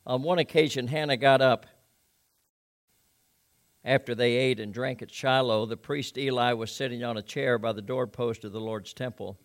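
A preacher delivering a sermon, reading scripture and making conversational, folksy asides to the congregation. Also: male voice, mid-range voice, normal speed.

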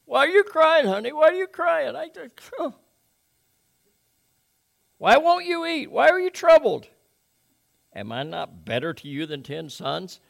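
A man voicing a bewildered adult husband who keeps asking his wife why she is crying, in a high, loud, exasperated tone. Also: sing-song, unhurried, gravelly, pauses often, full character voice. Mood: bewildered pleading.

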